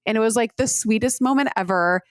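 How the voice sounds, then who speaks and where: A woman's voice: on the high side, fairly quick, no room sound, clean studio sound. A woman co-hosting a podcast, telling stories in casual chat with lots of "like" fillers. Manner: chatty storyteller, many "like" fillers. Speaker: podcast co-host.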